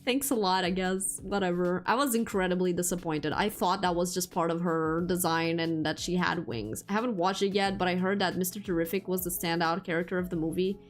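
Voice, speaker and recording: A woman streamer chatting casually with her viewers. She laughs often and leans heavily on "like". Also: mid-range voice. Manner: giggly, chatty, heavy use of "like". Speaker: VTuber streamer.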